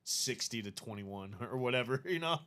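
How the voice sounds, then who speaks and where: A man's voice: mid-range voice, animated, moderate pace, a bit bright. A man co-hosting a live stream who chimes in casually and agreeably. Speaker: co-host. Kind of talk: casual chat.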